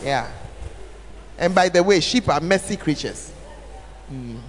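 A woman's voice: low-pitched, measured pace, slight background noise. A woman, a church leader answering questions at a church camp, talking animatedly with emphatic repetition. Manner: animated, emphatic repetition, acts out quoted speech. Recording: reverberant hall.

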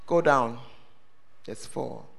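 A man preaching a sermon, quizzing the congregation with questions and breaking into shouts. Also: mid-range voice, slow pace, vocal fry. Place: church service hall. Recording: long reverb of a large hall.

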